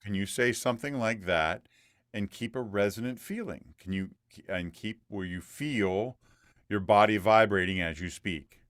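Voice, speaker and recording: A man's voice: lowish voice, moderate pace, a bit bright, dry recording, studio quality. A man coaching a student through a one-on-one voice lesson, patient and demonstrative, repeating points for emphasis.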